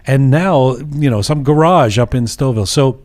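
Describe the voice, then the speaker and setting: A middle-aged man from England, casually telling an animated funny story and mimicking voices. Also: mid-range voice, moderate pace. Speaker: podcast host telling a story.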